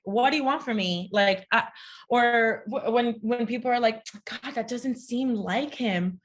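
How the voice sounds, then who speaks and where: A woman's voice: fairly high pitch, a little slow. A young adult woman telling a personal story as a podcast guest, blunt, profane and sarcastic. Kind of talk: candid casual conversation.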